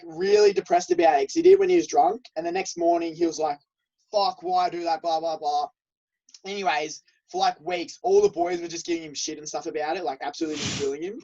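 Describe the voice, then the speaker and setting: A young man co-hosting a podcast, telling stories in a casual, animated way and acting out what others said. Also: a little high. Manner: animated, laughing, acts out quotes. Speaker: podcast co-host. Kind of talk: casual storytelling chat. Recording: dull lo-fi sound.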